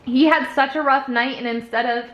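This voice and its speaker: A young woman gives a casual tarot reading in an echoey room, rambling upbeat and using lots of fillers. Her voice is high and fairly bright, with fairly even intonation at a moderate pace.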